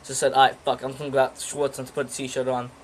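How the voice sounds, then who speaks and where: A man's voice: medium pitch, little pitch movement, quick pace, slight background noise, low-quality recording. Rambling, foul-mouthed teenage guy. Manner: rambling, profane, with many fillers and restarts. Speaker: vlogger. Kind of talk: casual storytelling.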